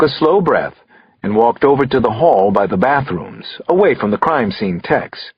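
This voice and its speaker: Expressive male thriller narrator. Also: medium pitch, moderate pace, husky, no echo, lo-fi sound. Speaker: audiobook narrator.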